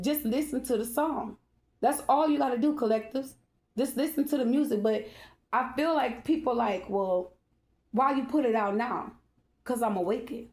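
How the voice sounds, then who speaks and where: A woman's voice: a little high, darkish tone, roomy sound. A woman who reads tarot, talking emotionally and at length to her followers, emphatic and rambling, calling out to her listeners again and again. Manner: emphatic, rambling, repeatedly addressing listeners directly. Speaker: tarot reader and vlogger. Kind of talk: emotional personal monologue to followers.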